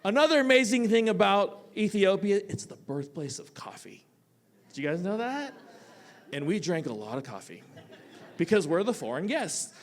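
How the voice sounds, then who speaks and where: A man, a teacher, telling a personal story live on a theatre stage, animated and casual, swinging between loud bursts and quiet asides. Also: high-pitched, normal speed. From United States. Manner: casual, with frequent "like" fillers.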